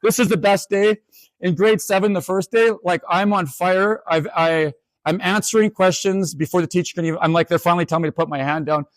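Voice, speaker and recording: A man in his forties from Canada, giving a humorous storytelling talk as a keynote speaker, animated and self-mocking with quick asides. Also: high-pitched, dry recording. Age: 40s.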